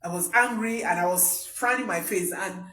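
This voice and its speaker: A woman's voice: mid-range voice, moderate pace, bright, forceful tone. A woman, coaching parents in an emphatic talk that repeats key points. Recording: echoey room, voice from a distance.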